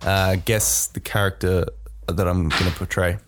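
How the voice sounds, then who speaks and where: A man's voice: sits low, little pitch movement, moderate pace, noisy background. A man co-hosting a comedy podcast, playful and goofing around with bits. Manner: playful, hype-man energy. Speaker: podcast co-host. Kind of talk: casual comedy chat.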